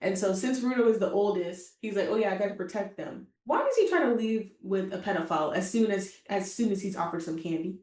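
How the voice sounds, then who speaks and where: A woman's voice: medium pitch, animated, brisk, few pauses, a little mellow, echoey room. A woman co-hosting a casual anime reaction chat, rambling along with many fillers and frequent laughs. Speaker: co-host.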